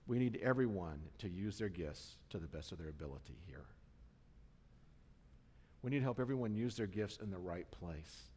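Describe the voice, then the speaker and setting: In a church sanctuary with long, echoing reverb, a male pastor delivers a sermon. He's self-deprecating and conversational and keeps checking in with his listeners. His low, dark voice is animated, with a breathy edge, at a normal speed.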